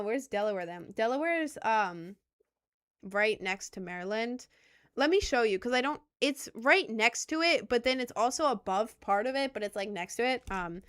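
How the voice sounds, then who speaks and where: A woman's voice: fairly high pitch, a bit bright, smooth. A woman streamer with an American accent tinged with a little Southern and New York, chatting casually and rambling with lots of fillers. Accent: General American with slight Southern and New York touches. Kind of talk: casual livestream chat.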